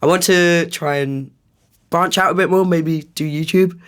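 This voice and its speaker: A young man in his twenties, a podcast guest talking in a relaxed, hesitant way with lots of ums. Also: a little high, moderate pace, clear, resonant tone. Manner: easygoing, hesitant with many ums, laughs often. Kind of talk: casual chat.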